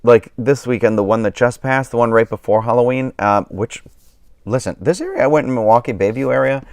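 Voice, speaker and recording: A man with a medium-pitched, slightly mellow and animated voice hosts a live stream at normal speed. Tired and yawning, he rambles through casual chat full of fillers and restarts, recorded in clean studio sound with no echo.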